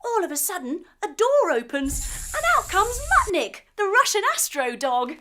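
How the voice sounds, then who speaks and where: A woman teacher telling a children's story while leading a yoga lesson, animated and using sound effects. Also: very high-pitched, normal speed, background noise.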